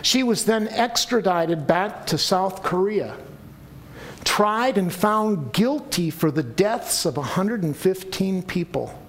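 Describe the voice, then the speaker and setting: Man, pastor, sermon, high voice, earnest pleading delivery, faint room ambience. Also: lively intonation, slow, a little hiss or hum.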